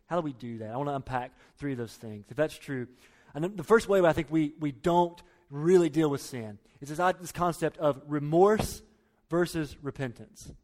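Emphatic man preaching a sermon. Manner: emphatic, repeats key phrases, drops to low quiet lines. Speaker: pastor.

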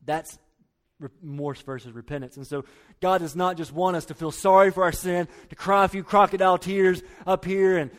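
A man preaching a sermon, emphatic, repeating key phrases and dropping to quiet low lines. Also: steady tone, normal speed. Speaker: pastor.

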